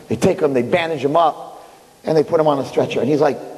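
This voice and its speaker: Brief: male live storyteller, high lively voice, repeats lines for effect, echoing hall. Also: fairly quick. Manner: animated, repeats phrases for emphasis, apologetic asides. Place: indoor room with audience.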